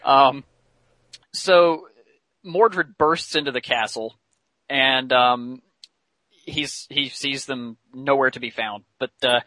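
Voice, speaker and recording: A man's voice: mid-range voice, slow pace, long pauses, bright, forceful tone, no room sound. A man casually retelling a cartoon episode as podcast host, chatty with many fillers. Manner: chatty, many fillers, laughs while telling.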